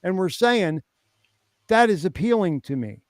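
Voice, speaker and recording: A man's voice: high-pitched, very animated, a little slow, dry recording, clean studio sound. A man from Philadelphia co-hosting a crypto podcast, making a sarcastic, insistent case. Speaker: crypto show co-host. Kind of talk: heated podcast argument.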